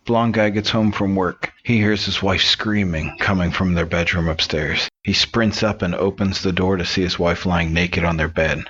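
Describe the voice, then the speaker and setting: A man telling jokes in a relaxed, rambling storytelling manner, with fillers as he goes. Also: low voice, muffled recording, slight background noise. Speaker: joke teller.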